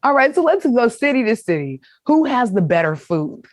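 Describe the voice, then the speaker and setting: Woman host, low voice that swings around a lot, upbeat playful questions, dry close sound. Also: very animated, no room sound. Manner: upbeat, playful, quick to laugh. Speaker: host, interviewer. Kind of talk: lighthearted interview questions.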